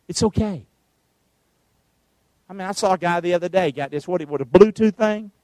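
A man's voice: sits high, normal speed, long pauses, a little mellow, dry recording. A middle-aged man preaching a sermon as pastor, emphatic and calling on the congregation to answer back. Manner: emphatic preaching with call-and-response.

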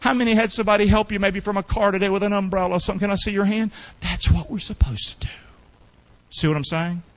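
A man preaching a sermon, calling out questions for the congregation to answer and swinging between loud bursts and quiet asides. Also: sits high, steady tone, fast talker. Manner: call-and-response preaching, quizzing the congregation. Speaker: pastor.

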